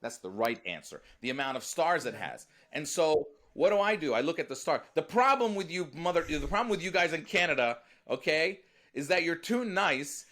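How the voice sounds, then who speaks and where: American comedian guy riffing on a podcast, punchy and lively, talks right at his hosts. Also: on the high side, normal speed, hardly any pauses. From United States. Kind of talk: comedic storytelling.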